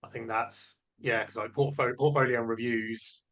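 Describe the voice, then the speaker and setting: A man's voice: mid-range voice, fairly even intonation, moderate pace, a bit bright. A male host leads a conversational interview, affirming what his guest says before turning to the next topic. His voice sits in a middle range. He keeps it easygoing and laughs easily.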